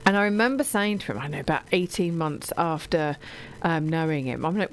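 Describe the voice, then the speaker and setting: A woman's voice: mid-range voice, brisk, low-quality recording. A middle-aged English woman chatting on radio about books, gushing and digressive, with lots of ums and restarts. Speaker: radio show guest or presenter talking books.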